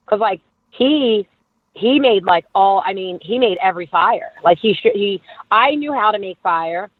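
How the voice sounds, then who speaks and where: A woman guest in her thirties telling stories in a casual interview, animated and full of "like", acting out who said what. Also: medium pitch, a little fast, dry recording. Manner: animated storyteller, acts out quoted dialogue, lots of "like". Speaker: guest, former reality show contestant. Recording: dry, tinny phone-like line.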